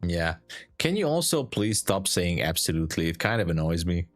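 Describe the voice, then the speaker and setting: A man's voice: low-pitched, very animated, moderate pace, faint music behind. A man streaming his live day trading, chatting casually and hesitantly, often restarting his sentences and teasing dryly.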